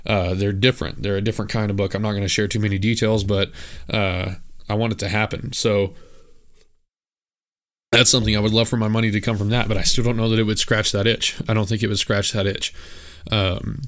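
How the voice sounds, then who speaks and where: Low, smooth-voiced man hosting a podcast. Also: level tone, fairly quick, fairly bright tone. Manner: casual, rambling, candid with frequent filler words. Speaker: podcast host. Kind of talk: solo podcast monologue.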